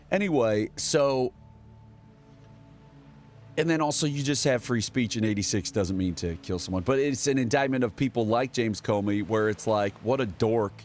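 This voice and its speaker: A man's voice: mid-range voice, normal speed, darkish tone, a little hiss or hum. A man giving casual, sarcastic political commentary, rambling and reading headlines aloud as a show host.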